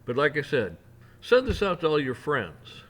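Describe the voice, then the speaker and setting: A man delivering a heated opinion rant, mocking officials in sarcastic put-on voices and building up to near shouting. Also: a little high, wildly swooping pitch, normal speed. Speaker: rant channel host.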